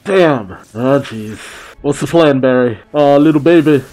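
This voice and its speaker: A man giving casual live reaction commentary to a TV episode, exclaiming, sighing and thinking out loud. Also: medium pitch, takes it slowly. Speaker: reaction video host.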